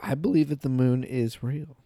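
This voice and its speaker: A man's voice: mid-range voice, steady tone, normal speed, dark tone, no echo, studio quality. A man hosting a casual comedy podcast, rambling and laughing easily. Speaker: podcast host.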